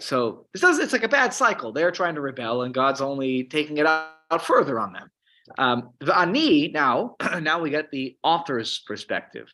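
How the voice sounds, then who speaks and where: A man teaching a Psalms class, explaining Hebrew words in an animated way with frequent restarts. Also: medium pitch. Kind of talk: Torah class lecture.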